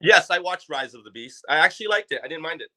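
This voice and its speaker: A man's voice: on the high side, expressive, quick pace, bright, forceful tone, slight background noise. A man from Canada, a guest chatting on a podcast about his toy collection in a loose, enthusiastic way. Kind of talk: casual podcast chat.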